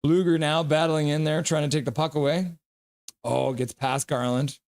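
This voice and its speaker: A young man on a live stream, calling hockey play and reading chat aloud with excitable, goofy delivery. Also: on the high side, normal speed.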